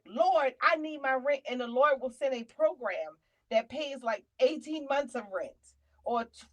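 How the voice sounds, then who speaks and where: A woman comedian hosts her own show, telling a personal story in a chatty, animated way. She sits a little high for a woman and calls listeners honey and child. She drifts into a preacher-like testimony about faith. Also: low-quality recording.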